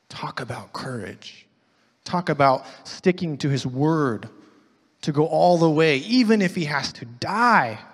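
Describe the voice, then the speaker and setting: Guy preaching a sermon, reading scripture, gets loud then drops almost to a whisper, big hall echo. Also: mid-range voice. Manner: swings from loud emphasis to hushed, near-whispered lines. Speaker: pastor.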